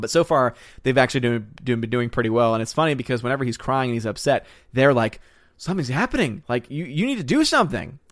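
Here a young man with a mid-range voice runs a relaxed livestream, reading out viewer comments and chatting back in a loose, rambling manner. He's chatty, laughs often, and thanks people warmly, all in studio-quality sound without echo.

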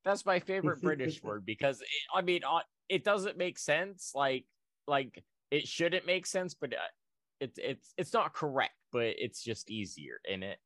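American man, podcast co-host, lively pitch, halting and laughing, dry sound. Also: dry recording. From United States. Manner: laughing, halting, trails off low. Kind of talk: casual chat.

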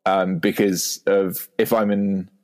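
Posh young English man, halting. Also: low-pitched, flat delivery, darkish tone. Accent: posh London English. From England. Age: 20s. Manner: hesitant, stammering, self-conscious. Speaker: podcast guest. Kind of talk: casual chat.

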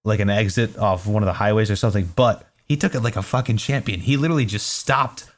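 Talking fast in a fairly low voice, this young podcast co-host trades casual banter. His storytelling is easygoing and teasing, with plenty of swearing thrown in.

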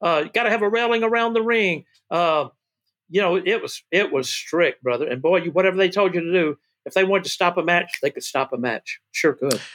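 Older man, excitable interview guest, high bright voice. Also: a little fast. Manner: excitable, shouts "woo", calls people baby and brother. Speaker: guest, former wrestling manager. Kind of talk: animated storytelling interview.

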